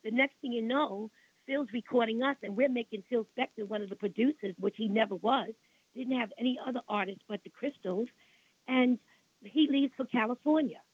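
A woman's voice: on the high side, moderate pace, slightly rough, dry recording. Older Brooklyn woman on a phone line. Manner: rambling, repeats herself, indignant about the past. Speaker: interview guest, singer. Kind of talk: storytelling in a radio interview.

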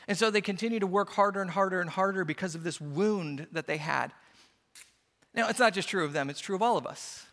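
Pastor guy preaching, high bright voice, acts out little quotes, big church reverb. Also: brisk. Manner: storytelling with playful acted-out quotes. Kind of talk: sermon.

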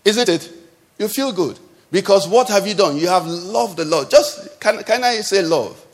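A man's voice: high voice, lively intonation, moderate pace. A man preaching a sermon, questioning the congregation and calling for responses. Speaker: pastor. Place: church hall. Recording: long hall reverb.

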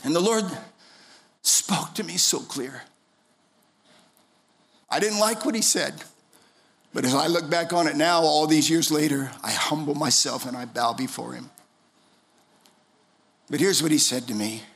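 A middle-aged man preaching a sermon as pastor in a church, impassioned, swinging from soft, low passages to shouted pleas. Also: measured pace, creaky, long pauses.

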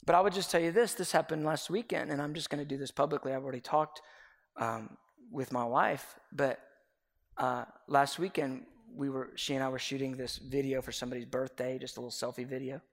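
A middle-aged man preaching a confessional sermon as pastor, earnest and swinging between loud and hushed. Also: mid-range voice, fairly even intonation, a little fast, creaky. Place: church sanctuary. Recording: echoey hall with long reverb.

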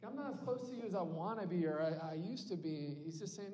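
A man's voice: high-pitched, quick pace, warm tone, slight background noise. A young man preaching an earnest, conversational sermon to a campus ministry group, often checking in with "right?". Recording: long hall reverb.

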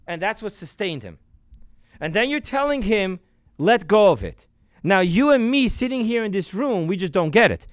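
This high-pitched man, a rabbi, speaks with a clean tone as he gives a sermon before a live audience in a room. He tells stories, swinging from loud emphasis down to quiet asides.

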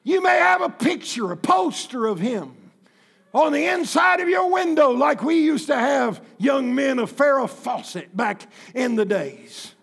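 A pastor in his fifties preaching a sermon in church, impassioned and folksy, with bursts of shouting. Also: very high voice, animated, unhurried, gravelly. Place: church sanctuary.

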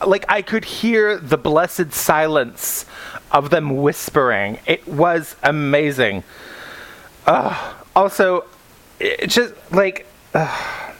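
A man co-hosting a podcast in a casual book discussion, animated and swearing freely, prone to tangents. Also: fairly high pitch, takes it slowly. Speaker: podcast co-host.

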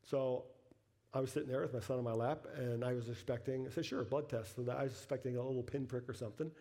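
A middle-aged man, a pastor preaching a sermon, telling a personal story that builds to emphatic peaks and falls back to soft, quiet lines. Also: medium pitch, fairly even intonation, fast.

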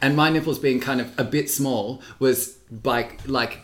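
Man, mid pitch, rambling, hesitant, laughs often, podcast co-host, casual chat. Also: fairly even intonation, a little slow, a bit bright. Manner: rambling, hesitant storytelling with many fillers and frequent laughs.

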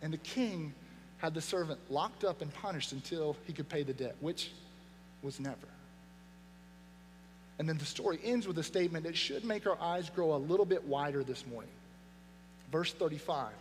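A man preaching a sermon as pastor, earnest and emphatic, dropping his voice low for weight. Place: church sanctuary. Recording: long hall reverb, faint mains hum.

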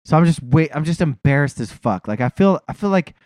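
A man's voice: a little high, animated, fairly quick, darkish tone, no echo. A man telling a profane, self-mocking story in a casual podcast chat.

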